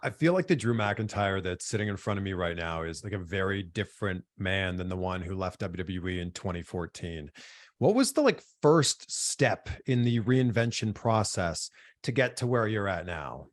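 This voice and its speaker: A man's voice: deep voice, lively intonation, moderate pace. A man hosting an interview, asking curious, friendly questions in a casual chat. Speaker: interview host.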